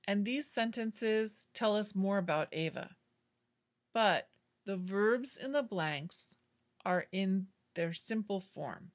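A woman teaching an English grammar lesson, explaining slowly and clearly in a patient way. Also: mid-range voice, lively intonation.

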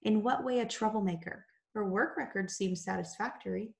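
A woman's voice: medium pitch, moderate pace, vocal fry, a little mellow, natural voice. A woman reading the lines of a stern older male mill agent, asking short, clipped questions.

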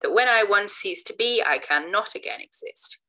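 A woman's voice: mid-range voice, lively intonation, normal speed, bright, forceful tone, pitched above the performer's own voice. A woman reading a self-assured male orator who speaks in a pompous, declaiming way.

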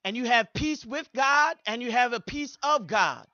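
A male pastor preaching in a high, bright voice that rises as he builds repeated phrases. The sound is dry and close, a little dull in the highs. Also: lively intonation, a little slow, no echo. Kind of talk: sermon.

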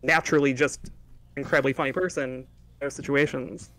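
A man's voice: mid-range voice, brisk. A man co-hosting a podcast, chatting casually and a bit hesitantly. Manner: relaxed, hesitant with fillers. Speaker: podcast co-host. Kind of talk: casual chat.

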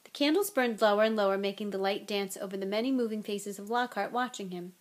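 A woman reads a novel aloud with lively expression. Between chapters she chats to listeners in a relaxed, friendly tone. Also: mid-range voice, fast talker. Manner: expressive, relaxed, chatty asides. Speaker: audiobook reader.

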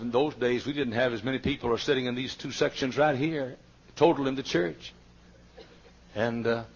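An older man with a Southern American accent preaches a sermon, telling a story in hushed tones before rising to shouted peaks. His voice is husky and rough. The recording is a muffled, lo-fi archival tape. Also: medium pitch. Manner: storytelling preacher who swings from hushed asides to shouting climaxes. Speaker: pastor.

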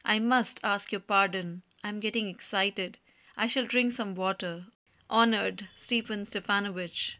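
A woman's voice: mid-range voice, fairly even intonation, measured pace, sharp tone. A woman reading the part of a nervous male landowner who stumbles over his words while proposing. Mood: formal, flustered.

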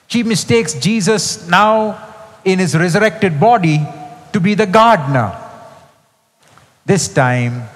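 Indian English male preacher, measured and unhurried sermon delivery, reverberant church hall. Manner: slow, deliberate delivery with wide emotional pitch swings. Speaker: preacher and Bible teacher. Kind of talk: sermon with scripture reading.

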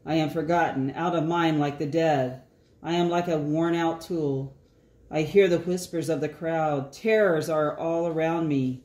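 A woman's voice: deep voice, fairly even intonation, a little mellow. Earnest woman reading psalms in an echoey room. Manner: earnest and deliberate. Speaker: scripture reader. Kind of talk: slow prayerful reading of psalms.

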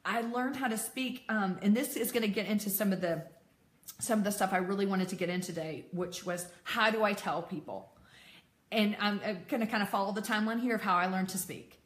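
Speaking fairly quickly at a medium pitch, this peer support speaker in her thirties gives a candid personal talk to an audience. She laughs a lot and adds self-deprecating asides, and the recording has an echoey room sound.

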